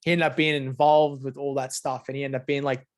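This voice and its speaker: A man's voice: medium pitch, little pitch movement, fairly quick. A man co-hosting a podcast in laid-back, sweary casual chat, laughing often. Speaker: podcast co-host.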